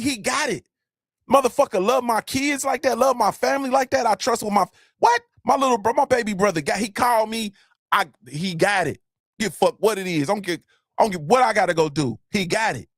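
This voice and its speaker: A man with a high, fairly bright voice hosts a motivational live-stream talk, recorded at studio quality with no echo. He is emphatic and blunt, repeating his points and cussing freely.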